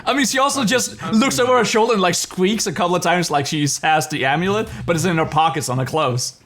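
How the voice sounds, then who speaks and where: A man's voice: high-pitched, fast, a bit bright. A man playing a tabletop game, casually describing what his character does. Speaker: player.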